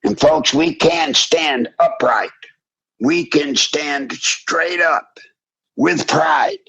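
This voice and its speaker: An older man hosting a call-in radio show, preaching with fiery passion and rising to shouts. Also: on the high side, very slow, creaky, slightly rough. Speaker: radio talk show host. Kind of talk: impassioned call-in radio talk. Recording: dull lo-fi broadcast audio.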